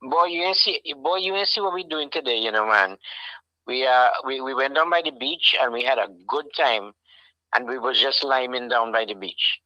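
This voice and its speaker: A middle-aged man hamming up a thick Trinidadian island accent in a relaxed, sing-song patter. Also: mid-range voice, moderate pace, no echo, highs cut off. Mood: laid-back. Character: man laying on a thick Caribbean island drawl.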